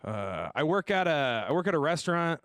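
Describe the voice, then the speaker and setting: A young man hosting a stand-up comedy show, telling deadpan self-deprecating jokes and slipping into voices for the people he quotes. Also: on the high side, a little fast, dry recording. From Tucson, Arizona area. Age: young adult. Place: comedy stage before a live audience.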